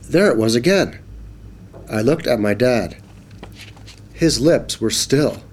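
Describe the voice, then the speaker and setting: A man narrating a children's storybook in a clear, measured read-aloud manner. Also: medium pitch, lively intonation, darkish tone.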